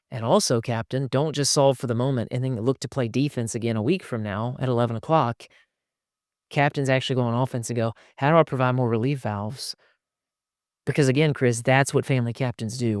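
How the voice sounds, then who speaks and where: An animated man talks through advice on a casual podcast. He jumps into quoted voices as he goes, and his voice sits at a middle pitch. The sound is dry and close. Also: dry recording. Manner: animated, acts out quoted lines in shifting voices. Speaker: podcast host.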